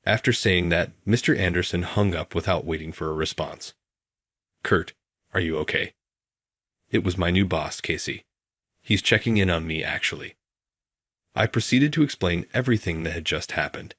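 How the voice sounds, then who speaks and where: A man narrating a first-person story in an even, measured way. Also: sits low, slightly rough, no echo, clean studio sound.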